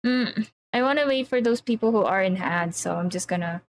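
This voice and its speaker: A woman's voice: fairly high pitch, moderate pace. A woman streamer reading a visual novel aloud on a livestream, breaking off into nervous, easily spooked chatter with her chat.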